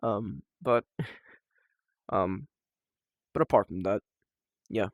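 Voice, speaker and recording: A young man talking casually and personally to the camera at home, halting and emotional, with sighs and restarts. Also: lowish voice, no echo, clean studio sound. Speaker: vlogger.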